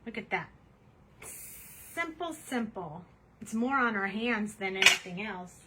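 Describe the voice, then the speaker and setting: A woman's voice: medium pitch, lively intonation, measured pace, noisy background. A woman hosting a casual craft demonstration at her home desk, chatty and cheerful as she narrates each step. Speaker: craft tutorial host.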